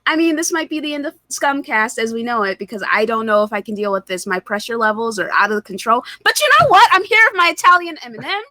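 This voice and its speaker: A woman's voice: fairly high pitch, sing-song, fast, few pauses, bright, forceful tone. A woman on a gaming podcast, chatting in a sassy way with exaggerated grumbling. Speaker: podcast co-host. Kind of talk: casual live podcast chat.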